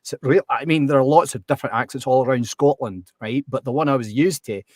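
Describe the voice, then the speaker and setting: A man's voice: medium pitch, quick pace, no echo, clean studio sound. A man talking casually as an accent coach in an interview, chatty and full of ums and restarts.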